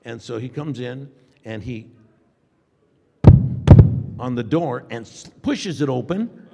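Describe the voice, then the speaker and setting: An older man telling an animated anecdote on a convention panel, acting out dialogue and laughing often. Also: mid-range voice, slow, vocal fry. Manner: acts out dialogue with shifting voices, laughs often. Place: large convention hall. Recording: long hall reverb.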